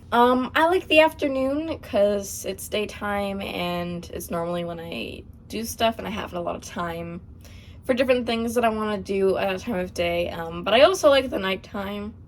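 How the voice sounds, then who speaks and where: A channel host, a young woman with a mid-range voice, runs a casual Q&A vlog. She's chatty and a bit hesitant, laughing and using fillers often, and there's a little hiss or hum on the audio.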